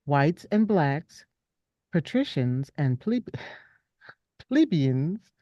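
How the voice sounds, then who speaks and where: A woman in a book club, reading a summary aloud with steady care, then chatting. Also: deep voice, no room sound. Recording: dull lo-fi call audio.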